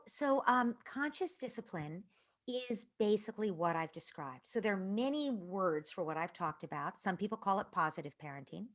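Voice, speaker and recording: Earnest woman explaining parenting gently. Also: lowish voice. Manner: earnest, explanatory, drops to soft whispers when quoting a parent. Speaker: parenting expert. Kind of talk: answering audience questions.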